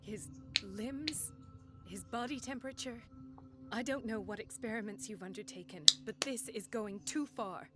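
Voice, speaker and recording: Over loud background music, an actress voices a determined young female doctor in a video game, earnest, firm, principled, and blunt. Her voice is on the high side at a moderate pace and sounds close to an everyday voice.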